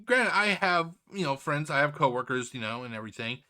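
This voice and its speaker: Man, reaction commentator, blunt, profane, bright fairly high tone. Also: lively intonation, brisk. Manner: exasperated, profane, opinionated rant.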